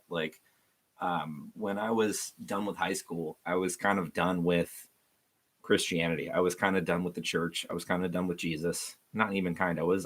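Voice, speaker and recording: This youth devotional host speaks in a low-pitched voice that sounds pushed, bright, and slightly rough. He runs a casual livestream, meandering and making self-deprecating jokes, with lots of filler words like um and like.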